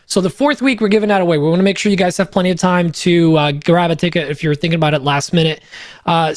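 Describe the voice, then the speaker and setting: Man, native Polish speaker, high voice, dry close sound; upbeat, jokey sponsor read. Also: no echo. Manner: upbeat, joking, loose with fillers. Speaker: podcast co-host reading sponsor spots. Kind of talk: casual ad read on a podcast.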